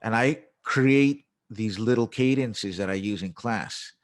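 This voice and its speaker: In an unhurried, lowish voice, a musician who teaches English lays out his method for an interviewer in easy conversation, acting out the phrases he uses in class.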